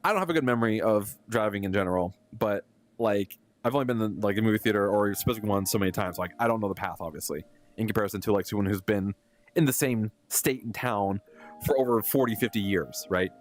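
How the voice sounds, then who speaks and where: A man's voice: on the low side, quick pace. A young adult man, a live streamer, telling a story casually and with animation, laughing often and using lots of fillers.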